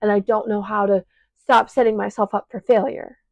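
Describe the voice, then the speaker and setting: A woman's voice: medium pitch, steady tone, normal speed, a little mellow, dry recording, dull audio. A teenage girl with a Chicago accent venting through a raw, emotional monologue, short of breath and choked up, swearing, recorded on a clip-on mic on her shirt. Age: teens. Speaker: podcast host. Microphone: clip-on mic attached to shirt.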